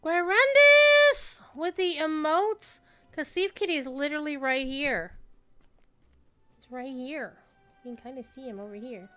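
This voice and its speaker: A woman's voice: high voice, moderate pace, long pauses, faint music behind. A woman live-streaming a video game, chatting casually with her viewers and reacting to the play. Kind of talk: casual live-stream commentary while gaming.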